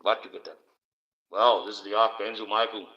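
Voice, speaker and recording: A man hosting a livestream alone, rambling and swearing in loose casual banter into a low-placed mic. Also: flat delivery, brisk, pushed and bright. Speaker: livestream host. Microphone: low-placed desk mic. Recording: dull lo-fi stream audio.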